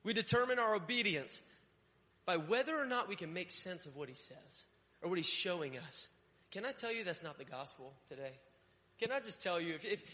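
A man's voice: sits high, a bit bright. A young adult male pastor from Connecticut preaching a sermon, telling personal stories and acting out his own thoughts. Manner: storytelling, acts out his own inner voice. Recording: long hall reverb.

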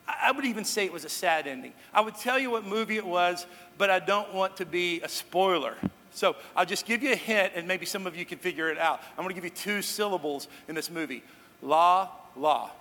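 A man preaching to his congregation as pastor, talking in a relaxed way with joking asides to the crowd, recorded in a church hall. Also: sits high. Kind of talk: sermon. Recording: long hall reverb.

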